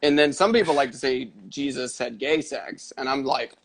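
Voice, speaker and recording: A man's voice: mid-range voice, moderate pace, gravelly. A young man co-hosting a casual livestream chat, crude and joking, laughing often. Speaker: co-host.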